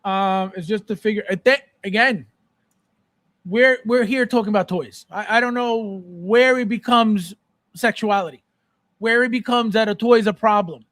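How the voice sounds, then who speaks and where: Fired-up guy ranting on his live stream, highish voice, dry close sound. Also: moderate pace, fairly bright tone, no room sound. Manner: exasperated, ranting, repeats himself. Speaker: podcast host. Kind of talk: live-stream chat with viewers.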